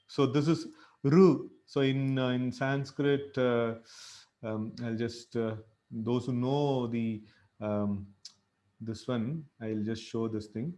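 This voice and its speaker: A man leading a scripture reading, coaching pronunciation in a halting way with frequent fillers and self-corrections. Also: medium pitch, a little mellow. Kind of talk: pronunciation lesson, online class.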